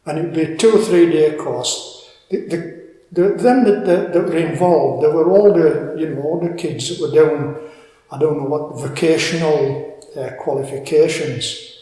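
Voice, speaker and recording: An older man with a Cumbrian accent telling a story in an interview, halting and repeating words as he goes. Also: on the high side, warm tone. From Cumbria, England. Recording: echoey room with long reverb.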